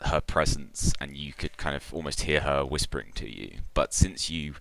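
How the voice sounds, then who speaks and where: A man with a very deep voice narrates as game master in a tabletop role-playing game. His tone is bright and forward despite the low pitch, and he describes the scenery with frequent ums. The sound is dry and close. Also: normal speed, gravelly, no echo.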